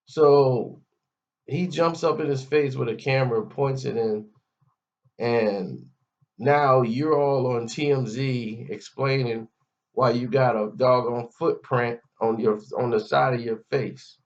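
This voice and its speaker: Speaking slowly in a mid-range voice, a male commentary vlogger mocks and scolds someone, talking straight at them in his rant. The recording is dull lo-fi audio.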